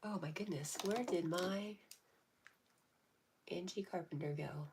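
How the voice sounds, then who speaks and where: A woman hosting a casual livestream, reading viewers' comments aloud and answering in a gentle, affectionate, spiritually encouraging way. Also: fairly low pitch, takes it slowly, a little hiss or hum. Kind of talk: casual live-stream chat.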